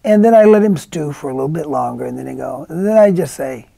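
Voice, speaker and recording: A middle-aged man with a gravelly, fry-laden voice and a dark, mellow tone tells stories in a casual interview. He rambles and restarts often, slipping into quoted voices. The sound is dry and close. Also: a little high, lively intonation, fast talker, dry recording. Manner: rambling storyteller, many restarts, acts out quotes. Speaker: actor guest. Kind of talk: casual anecdotal interview talk.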